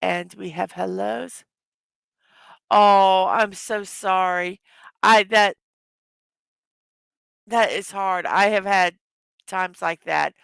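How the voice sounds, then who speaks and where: A tired, hoarse woman hosting a casual morning livestream, greeting her chat viewers one by one. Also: medium pitch, steady tone, slow pace, pauses often, fairly bright tone, no room sound. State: tired from little sleep. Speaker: livestream host.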